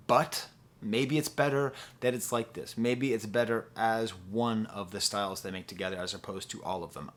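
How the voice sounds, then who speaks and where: Young male reviewer, casual and rambling, playful, hums snippets mid-sentence, mid pitch. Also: a bit bright. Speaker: music reviewer.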